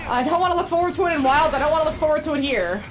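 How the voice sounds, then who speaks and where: A high-voiced woman streamer jokes her way through a game in a playful, chatty way. Her pitch leaps all over the place. Faint music plays behind her. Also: expressive, racing. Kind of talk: gameplay commentary.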